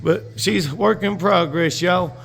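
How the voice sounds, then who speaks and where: A middle-aged man with a Southern US accent talks to his viewers at an outdoor building site, filming himself on a phone camera. His voice sits a little high, and his throat sounds slightly dry. His talk is easygoing and folksy, and he calls his audience y'all. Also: takes it slowly, vocal fry, a bit bright, soft background music. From North Georgia. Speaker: builder and vlogger. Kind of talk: casual chat to camera. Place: outdoors at a house construction site.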